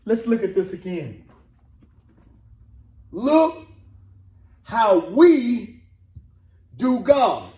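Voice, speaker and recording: A man preaching a motivational sermon, emphatic and repetitive, swinging from shouts to hushed asides. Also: high voice, very animated, extremely slow, long pauses, roomy sound. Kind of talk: sermon-style motivational talk.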